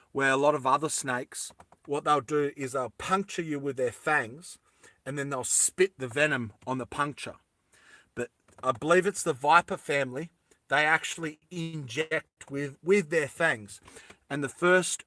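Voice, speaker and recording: A man talking through a hands-on fix in a loose, rambling way, full of asides and self-corrections. His voice sits a bit high and sounds bright and forceful. The sound is dry, with no room echo. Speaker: lighter repair vlogger. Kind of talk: casual how-to chat.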